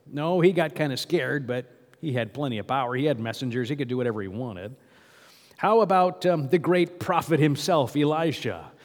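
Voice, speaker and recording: A man's voice: mid-range voice, lively intonation, moderate pace, in a large hall. A male pastor giving a sermon in a conversational way, often asking the congregation questions.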